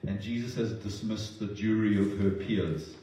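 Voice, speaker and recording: Man preaching, earnest and emotional, low mellow voice, echoey church hall, heard from a distance. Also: fairly even intonation, normal speed, a little hiss or hum. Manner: earnest, emotional, with repeated restarts. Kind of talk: sermon. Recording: roomy distant sound.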